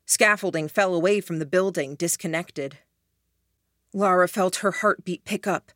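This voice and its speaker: A woman narrates an audiobook in a hushed, even way. Her voice sits low. The recording is dry and close. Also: normal speed, dry recording. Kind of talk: scripted narration.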